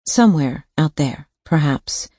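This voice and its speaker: Low-voiced woman narrating a thriller. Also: expressive, measured pace, dark tone, no room sound, studio quality. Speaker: audiobook narrator.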